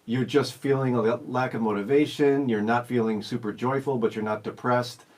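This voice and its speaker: A man's voice: medium pitch, steady tone, moderate pace, a little mellow. A man hosting a radio show, talking in an easygoing, teasing and reflective way in casual chat. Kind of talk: casual live-stream chat.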